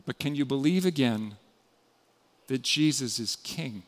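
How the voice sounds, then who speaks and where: A man preaching a sermon as pastor, earnest and often dropping to a quiet, intimate tone. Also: mid-range voice, animated, unhurried. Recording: long hall reverb.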